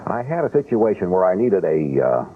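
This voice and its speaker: A man's voice: low-pitched, very animated, brisk. A man being interviewed about his old films, telling stories in a wry, unapologetic way. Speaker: film director guest. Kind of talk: interview chat. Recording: tinny lo-fi broadcast sound, faint hiss.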